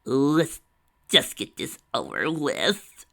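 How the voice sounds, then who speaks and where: A man reading aloud and voicing a young female pony who is blunt and impatient, in a raised, bright put-on voice. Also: medium pitch, huge pitch swings, slow, gravelly, voice pushed up, heavily acted.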